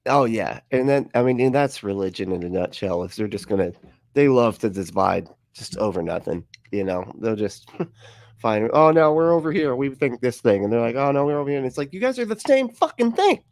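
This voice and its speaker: Laughing, animated man on a livestream. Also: brisk. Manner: animated, laughs often, swears, jumps pitch for mocking quotes. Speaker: livestream host. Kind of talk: casual chat.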